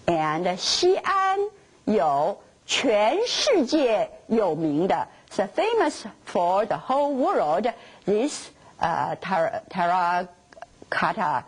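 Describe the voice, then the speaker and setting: Female Chinese teacher, native Mandarin speaker, lively pitch, unhurried lesson delivery. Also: husky, poor audio. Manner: explains Chinese words slowly in careful non-native English. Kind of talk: bilingual language lesson.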